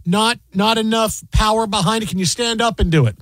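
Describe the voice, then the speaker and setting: A man hosting a casual sports talk show, playful and rambling, quick to joke. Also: high voice, fairly bright tone, dry recording. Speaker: radio show host.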